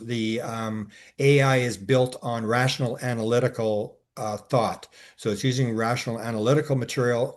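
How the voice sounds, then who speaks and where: A man co-hosting a casual discussion, talking in long rambling stretches full of restarts and filler sounds, and growing animated as he recounts his exchanges. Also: on the low side. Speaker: co-host.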